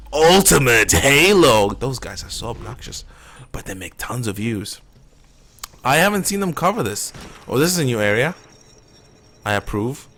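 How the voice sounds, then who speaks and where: A man's voice: mid-range voice, fairly bright tone. A man streaming a shooter game live, rambling and opinionated as he plays. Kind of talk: casual live gameplay commentary.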